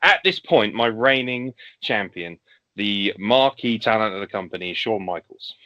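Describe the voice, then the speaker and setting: A man's voice: lowish voice, lively intonation, normal speed, sharp tone. A man on a podcast, animatedly laying out a fantasy wrestling show and acting out the wrestlers' lines. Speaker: podcast guest. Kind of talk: casual podcast chat, fantasy wrestling booking. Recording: lo-fi podcast audio.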